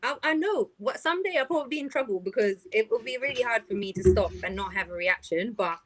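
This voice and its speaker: A woman's voice: fairly high pitch, fast. A young woman from Italy, a guest singer, telling stories in a casual podcast chat and acting out what people said. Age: young adult. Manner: animated storytelling, acting out quoted people.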